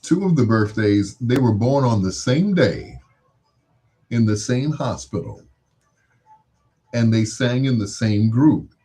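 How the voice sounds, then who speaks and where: A man hosting a late-night love-songs radio show, joking and laughing between shout-outs and song intros. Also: medium pitch, expressive, slow pace, pauses often, breathy edge. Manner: playful, laughing asides, mock-imitates other DJs.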